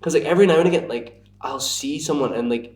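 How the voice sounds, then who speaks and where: A man's voice: on the high side, fast talker, a little mellow, distant mic. A young man with a Scottish accent from the Glasgow area, chatting casually as a podcast guest. He rambles, fills his talk with "like" and jokes at his own expense. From Scotland. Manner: rambling, lots of "like", self-mocking. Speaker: podcast guest, bar worker. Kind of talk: casual chat. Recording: echoey room, from off the mic.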